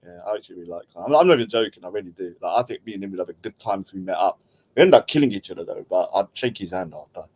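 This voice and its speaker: A man's voice: low-pitched, animated, very fast, a little mellow. A middle-aged man, casually rambling and joking while he hosts a livestream and reads out chat. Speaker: livestream host.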